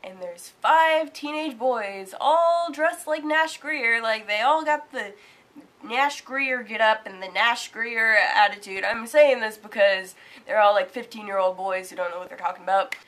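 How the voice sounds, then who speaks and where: A young woman vlogging, casually telling a story, animated and swearing casually. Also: on the high side, measured pace. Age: young adult.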